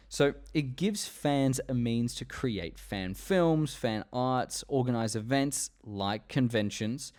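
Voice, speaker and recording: A man's voice: lowish voice, darkish tone. A young man talking casually to his viewers, rambling with restarts and frequent swearing. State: tired, yawning. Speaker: YouTube commentator. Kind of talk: casual unscripted talk to camera.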